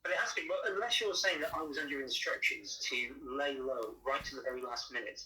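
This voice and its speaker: Brief: male solicitor, quick, clipped and defensive, crowd noise behind. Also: on the high side, poor audio. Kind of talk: phone call.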